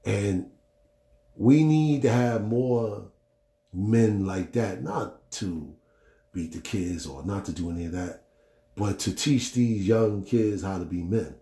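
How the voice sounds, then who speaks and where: Blunt, animated podcast host man. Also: lowish voice, slow, reverberant. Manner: animated, acts out quotes; blunt, swears freely. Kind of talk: casual storytelling monologue.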